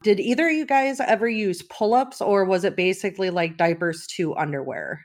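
Woman, mother, casual chat host, animated storytelling, laughs often. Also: mid-range voice, moderate pace. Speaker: mother, podcast host asking for advice.

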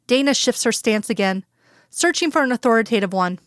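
Smooth-voiced woman narrating fanfiction. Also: on the high side, a little fast, no echo, studio quality. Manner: calm storytelling, plain voices for quoted characters. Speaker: fanfiction reader. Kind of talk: scripted narration.

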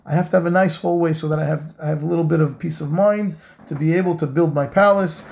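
Gravelly, mellow-voiced rabbi teaching. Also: male voice, on the high side, fairly even intonation, fast talker. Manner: earnest, repeats phrases for emphasis; mixes in Hebrew terms. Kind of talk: Torah lesson.

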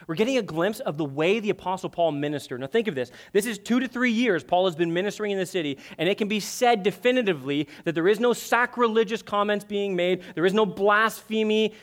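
A man with a high voice preaches a sermon in an earnest, conversational way. He often restarts his words as he explains a passage to his congregation. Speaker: pastor.

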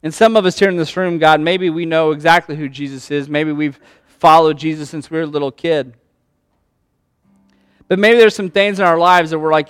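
A man preaching an impassioned Easter sermon as pastor, swinging from hushed talk to shouts. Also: a little high, steady tone, moderate pace, clean tone, dry recording, studio quality. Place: church sanctuary.

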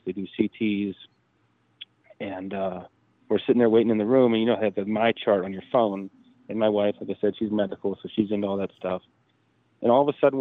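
Man, 30s, low voice, dry phone-line sound, animated storytelling, quotes people as he goes. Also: no room sound. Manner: animated retelling, acting out quoted dialogue. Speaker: podcast guest, drag racer. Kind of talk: casual storytelling.

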